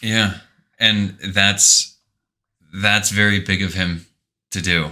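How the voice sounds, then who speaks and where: A man with a low voice that still has a bright, sharp edge chats as a podcast co-host. He agrees readily and sounds sympathetic, and he stumbles over his opening words. The talk is loose and casual. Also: steady tone, takes it slowly. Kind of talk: casual chat about a video game.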